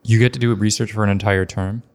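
A man's voice: on the low side, steady tone, fast talker, vocal fry. A man hosting a podcast interview, asking friendly, curious questions. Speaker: podcast host.

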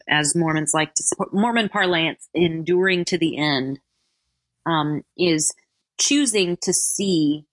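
A woman's voice: deep voice, a bit bright, no room sound. A woman being interviewed, talking casually and animatedly with self-deprecating asides. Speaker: interview guest.

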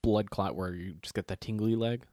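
A man's voice: on the low side, fairly even intonation, normal speed, dark tone, no echo, clean studio sound. A man, co-hosting a casual chat and telling stories animatedly, swearing freely and acting out other people's lines.

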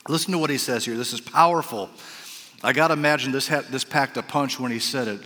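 A man preaching a sermon to his congregation. He acts out the voices of the people in the story and drops into soft, quiet asides. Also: mid-range voice, quick pace. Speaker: pastor. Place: church sanctuary. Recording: reverberant hall.

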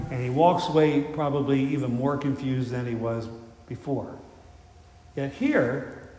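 A man's voice: medium pitch, a little mellow, slight background noise. Male preacher, conversational storyteller, roomy church reverb. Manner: storytelling, conversational, with frequent fillers and restarts. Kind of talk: sermon. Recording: echoey hall with faint ambience.

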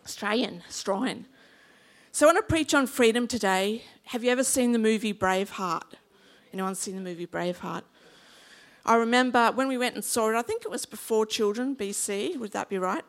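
A woman's voice: a little high, brisk. A woman in her fifties with an Australian accent, preaching a sermon in a chatty, humorous way and drawing in the congregation. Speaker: pastor.

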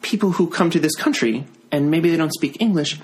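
A man's voice: fairly high pitch, fairly quick. A man guesting on a podcast, telling a story in casual chat with lots of restarts and self-deprecating asides.

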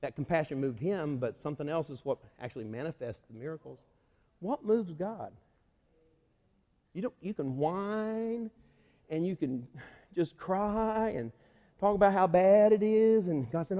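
Animated male preacher, high and lively voice, long hall reverb. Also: unhurried, highs cut off. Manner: animated, acts out the story's voices with laughter. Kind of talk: sermon.

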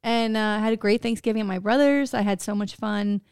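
A woman's voice: mid-range voice, fairly quick, clear, resonant tone, no echo, studio quality. A middle-aged woman co-hosting a podcast, chatting casually and telling stories with lots of laughter and swearing. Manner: animated storyteller, swears freely, laughs often. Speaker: podcast co-host. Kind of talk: casual chat.

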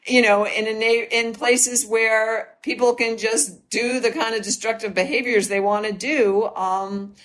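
A woman's voice: a little high, steady tone, a little slow, few pauses, a bit bright. A woman speaking as a podcast guest in a casual interview, earnest and thoughtful, often restarting her sentences.

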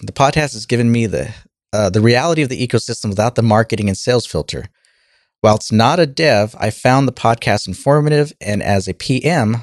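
Relaxed fortyish podcast co-host man. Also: lowish voice, no room sound, studio quality. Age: 40s. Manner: relaxed, self-deprecating, halting. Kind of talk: casual podcast chat.

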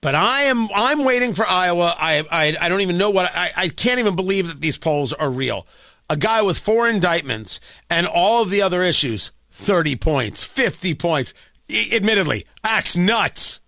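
A man's voice: sits high, moderate pace, gravelly, no echo. A man with an East Coast American accent hosting a talk radio show, delivering an opinionated, sarcastic, joking monologue from a studio mic. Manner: sarcastic, animated, jokey. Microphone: close studio mic.

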